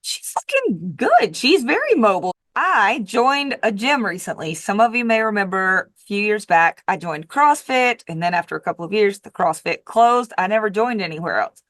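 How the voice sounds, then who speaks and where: A woman coach talks straight to the camera in a casual monologue. She is emphatic, repeats herself for effect, and drops in the odd swear word. Her pitch is middling, and the recording is dry and close. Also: very animated, moderate pace, fairly bright tone, dry recording. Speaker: diet coach and vlogger.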